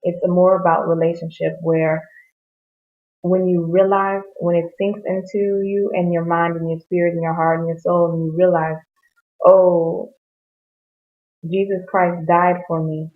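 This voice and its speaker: A woman talks earnestly through a Bible verse in a casual, rambling reflection, and she often restarts her sentences. Her voice sits fairly low and stays flat. The sound is thin and tinny, like a phone line. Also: moderate pace. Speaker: Bible devotional speaker.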